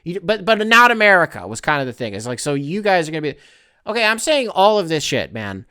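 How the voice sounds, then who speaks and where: A man's voice: fairly high pitch, very animated, a little fast, pushed and bright, clean tone, dry recording, studio quality. Profane rambling male podcast host. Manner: rambling, profane, tongue-in-cheek. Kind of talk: casual solo commentary.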